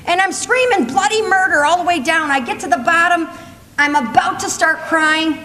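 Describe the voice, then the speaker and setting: Older lady, high voice, animated funny speech, laughing a lot, big echoey hall. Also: fairly quick. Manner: animated, laughing while telling stories. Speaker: motivational speaker. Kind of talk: humorous storytelling speech. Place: conference hall. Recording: echoey hall with faint room noise.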